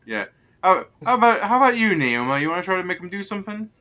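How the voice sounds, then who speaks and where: A young man narrating a tabletop game as game master, in a rambling way full of fillers and quick asides. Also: sits high, very animated, sharp tone.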